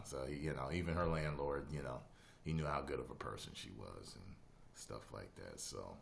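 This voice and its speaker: Brief: a low-voiced male streamer, loose and conversational, wanders through stories. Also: vocal fry, a bit bright. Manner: rambling anecdotal storytelling. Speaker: host. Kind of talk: casual live-stream chat.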